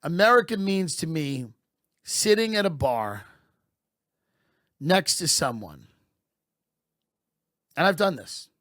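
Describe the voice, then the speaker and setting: A man doing a satirical comic monologue as a podcast host, deadpan and mock-patriotic, sometimes building into loud rants. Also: on the high side, slow pace, long pauses, no echo, clean studio sound.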